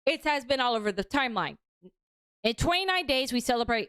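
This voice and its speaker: A woman's voice: a little high, lively intonation, brisk, a bit bright, clean tone, no room sound. A young adult woman hosting a casual commentary livestream, talking bluntly with lots of swearing. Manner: blunt, profane, ranting. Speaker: stream host.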